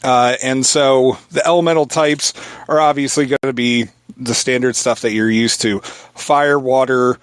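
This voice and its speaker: A man's voice: mid-range voice, fairly even intonation, normal speed, smooth, no echo. Rambling man on a dry podcast mic. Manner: rambling, filler-heavy explanation. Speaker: podcast guest reviewing a game. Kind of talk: casual podcast chat.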